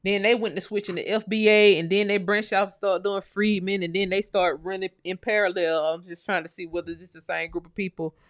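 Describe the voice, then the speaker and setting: A woman's voice: medium pitch, brisk, few pauses, no room sound, clean studio sound. A woman hosting a casual livestream, reading viewer comments aloud and talking back bluntly, with plenty of swearing. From United States. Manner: blunt, animated, swears freely, addresses viewers as y'all. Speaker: livestream host.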